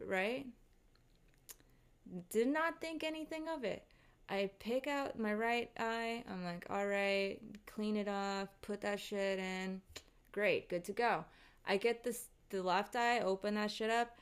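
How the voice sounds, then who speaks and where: A woman's voice: mid-range voice, takes it slowly, clean tone. Rattled woman telling a story, swearing freely. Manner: animated, profane, rattled storytelling. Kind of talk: casual storytime monologue.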